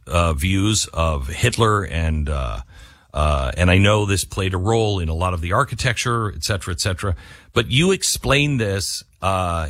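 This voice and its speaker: A man's voice: sits low, fairly bright tone, no echo. A man hosting a talk show, reading a sponsor ad and introducing a guest in a loose, rambling way with many fillers. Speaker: radio talk show host. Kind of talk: talk show chat and live-read ad.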